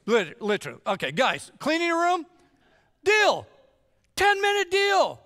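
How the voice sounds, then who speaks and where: A man's voice: very high voice, measured pace, long pauses. A middle-aged man preaching a sermon as pastor, joking and acting out whiny kids between Bible readings. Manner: jokey, animated, acts out kids whining. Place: church sanctuary. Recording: long church hall reverb.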